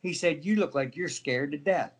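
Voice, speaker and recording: A middle-aged man tells stories in a relaxed interview, with a voice pitched a little high. He is animated and slips into other people's voices as he goes. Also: moderate pace. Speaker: guest, former wrestler. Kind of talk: casual storytelling interview.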